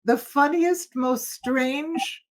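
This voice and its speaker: An older woman, a former opera singer, telling stories as a guest in a casual interview, expressive and quick to laugh. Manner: expressive, laughs often, dramatic shifts in pitch and loudness.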